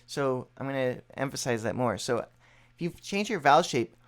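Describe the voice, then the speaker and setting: A man explaining vocal technique in a relaxed, casual music lesson, thinking aloud with fillers. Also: medium pitch, normal speed. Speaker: musician teaching voice practice.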